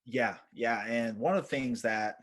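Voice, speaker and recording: A man's voice: mid-range voice, a little slow, a bit bright. A man guest on a podcast, a military veteran telling casual stories in a rambling way, with lots of fillers and swearing. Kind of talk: casual storytelling.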